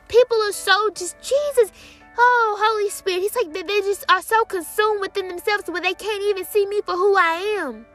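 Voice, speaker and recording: Chatty young woman with drawl. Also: extremely high pitch. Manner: chatty, excitable, many fillers, quotes God in dialogue. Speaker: Christian speaker sharing testimony. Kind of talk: casual spiritual testimony.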